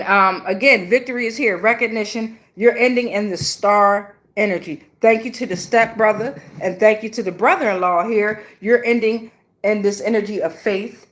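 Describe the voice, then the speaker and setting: Profane, fired-up woman tarot reader. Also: a little high. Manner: blunt, profane, emotional, slangy. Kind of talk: casual tarot reading.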